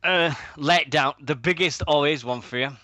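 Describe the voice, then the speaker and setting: British guy chatting on a radio show, bright punchy voice, swears a lot, dry close mic. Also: a little high, normal speed, no echo. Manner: swearing, rambling, laughs at own stories. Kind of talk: casual podcast banter.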